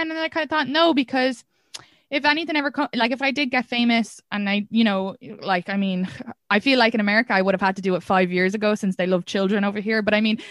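A woman with an Irish accent hosting a podcast, chatty and quick, filling her talk with "like" and "kinda". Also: a little high, dry recording, studio quality. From Ireland. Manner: chatty and fast, full of "like" and "kinda". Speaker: podcast host and comedian. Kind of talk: casual podcast chat.

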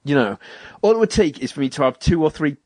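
A man's voice: on the high side, animated, fast, a little mellow, no room sound, studio quality. A young British man co-hosting a podcast, rambling through stories and acting out what people said, with frequent laughs. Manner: rambling storyteller, acts out quotes, laughs often. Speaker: podcast co-host. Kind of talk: casual chat.

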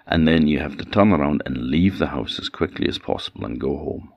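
A man with an Orcadian accent voicing a kindly male guardian spirit in a storybook tale, calm and reassuring. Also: very deep voice, a little fast, gravelly, dry recording, muffled recording, full character voice. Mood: scheming. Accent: Orcadian Scots.

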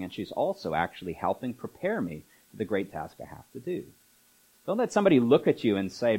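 A man's voice: on the low side, breathy edge, poor audio. A man preaching a sermon as pastor, in a conversational manner full of asides and filler words. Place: church.

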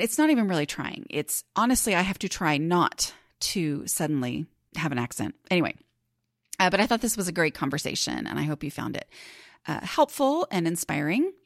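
A woman hosting a podcast in a casual, chatty way, effusive and quick to laugh. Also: lowish voice, no room sound, studio quality. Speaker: podcast host. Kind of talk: casual chat.

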